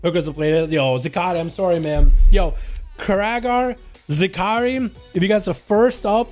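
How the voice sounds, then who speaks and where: A man with a fairly high voice streams live, calling plays and chatting with his viewers. He talks in a loose, slangy way, calling people dude and man. Faint music plays behind him. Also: moderate pace, a little mellow. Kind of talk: live game commentary and casual chat with viewers.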